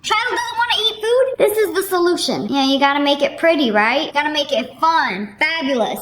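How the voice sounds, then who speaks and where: A woman's voice: high voice, expressive, brisk, fairly bright tone, roomy sound, poor audio. A woman hosting a casual reaction video, chatty and playful, full of "like" and "bro" fillers. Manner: playful, exclamatory.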